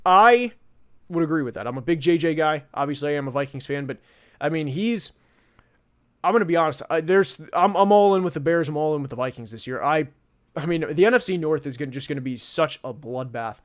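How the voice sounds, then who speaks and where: A man's voice: on the high side, brisk. Rambling young man talking football. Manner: rambling, many fillers and restarts. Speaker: podcast host. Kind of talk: casual football talk.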